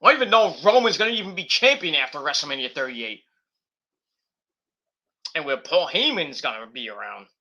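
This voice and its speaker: Male host, casual predictions chat, bright and high-ish voice, rambles and curses freely. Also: animated, brisk, long pauses. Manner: rambling, off-the-cuff, with cursing and mocking nicknames.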